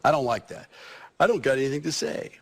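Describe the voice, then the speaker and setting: A man's voice: medium pitch, lively intonation, fast talker, breathy edge. A middle-aged man, a comedian guest, telling rambling stories in a casual interview with frequent restarts.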